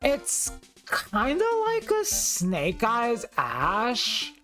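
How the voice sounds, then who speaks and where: A woman imitating a spaced-out young woman friend, talking in a slow, dreamy, drawn-out way. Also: on the high side, huge pitch swings, a bit bright, soft background music, pitched above the performer's own voice, exaggerated voice.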